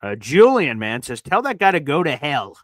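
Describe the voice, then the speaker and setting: Reading super chats aloud on his casual sports stream, a man with a high-leaning voice swings hugely in pitch while keeping a moderate pace. He's chatty and filler-heavy, going from loud to muttering, on a dry, low-quality recording.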